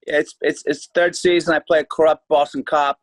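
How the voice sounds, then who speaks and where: A man's voice: fairly high pitch, level tone, normal speed, dry recording. A man who is an actor, a guest on a podcast, chatting casually and tossing off wry asides. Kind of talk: casual chat.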